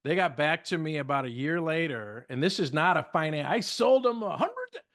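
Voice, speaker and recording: A middle-aged man telling lively stories in casual podcast chat, acting out the dialogue as a communication trainer. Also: fairly high pitch, moderate pace. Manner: lively, acts out dialogue in stories, many fillers. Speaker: guest speaker and communication trainer.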